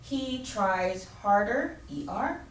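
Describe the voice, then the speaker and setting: A woman teaching an English grammar lesson, explaining slowly and clearly and spelling out letters. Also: a little high, animated, a little hiss or hum. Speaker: ESL teacher. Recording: roomy, distant mic with faint ambience.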